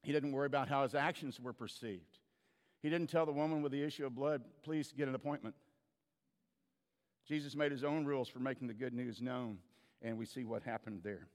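A man's voice: medium pitch, fairly even intonation, fast talker, big-room sound. A man preaching a sermon as a pastor, telling stories in a conversational way with frequent restarts.

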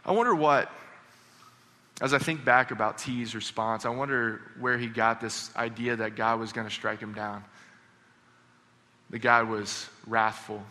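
Male pastor, sermon, bright forceful voice, long hall reverb, earnest storytelling. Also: medium pitch, fairly even intonation, a little slow, pauses often. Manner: storytelling, earnest, drops to a hush on key lines.

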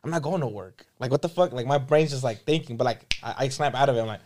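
A man's voice: medium pitch, fast, a little mellow. A young man on a podcast, rambling through a story in casual chat, restarting often and swearing.

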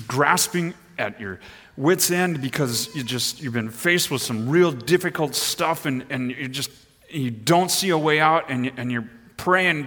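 A middle-aged pastor preaches to his congregation, telling a story with lively, animated energy that swells at the big moments. His voice is bright and forward. It carries a long reverb, as if it fills a church sanctuary. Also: on the high side, unhurried. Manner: animated storytelling, rising and pushing hard at the exciting parts. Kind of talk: sermon with personal story.

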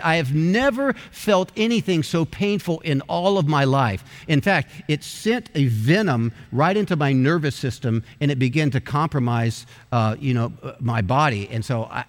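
A middle-aged man preaching a sermon as pastor, telling a story with quick asides and slowing down for emphatic phrases. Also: a little high, long reverb tail.

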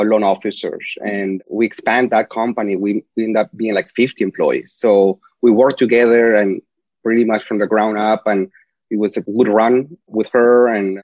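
A man's voice: fairly low pitch, a little mellow, no echo. A man from Peru with a Spanish accent, a talkative interview guest telling long rambling stories. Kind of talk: casual interview storytelling. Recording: dry, slightly dull lo-fi sound.

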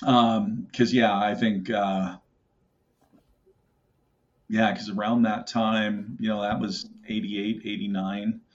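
Slow and flat in a lowish voice, with long pauses, a middle-aged elk call maker spins casual hunting stories on a podcast. He meanders, peppers his talk with fillers, and performs the quotes. The recording is muffled and lo-fi.

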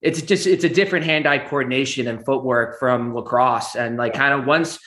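A man's voice: mid-range voice, normal speed, sharp tone. A young man in his twenties, a guest in a casual interview, talking easily and laughing through his stories. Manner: easygoing, laughs while telling stories. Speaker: guest, amateur charity boxer. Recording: roomy echo.

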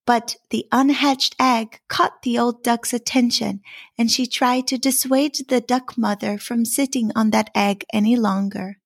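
A woman telling a fairy tale in a measured, expressive storybook narration. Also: on the high side.

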